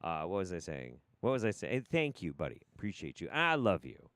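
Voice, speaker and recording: A low-voiced man riffs through a livestream with a lot of profanity and wild swings in pitch. His commentary rambles from tangent to tangent, and the recording is close and dry. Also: very animated, a little fast, fairly bright tone, dry recording. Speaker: livestream host.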